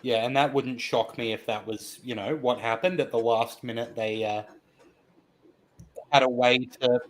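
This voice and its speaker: A man co-hosting a wrestling podcast, dry and matter-of-fact as he answers listener questions. His voice sits at a medium pitch. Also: steady tone, measured pace. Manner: dry, joking asides. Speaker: podcast co-host. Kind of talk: casual chat.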